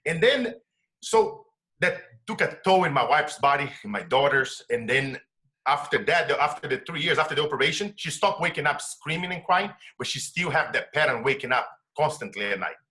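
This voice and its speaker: A man's voice: on the high side, expressive, fairly quick, bright, forceful tone. A middle-aged man from Brazil with a Brazilian Portuguese accent, a success coach telling a personal story in earnest, broken English.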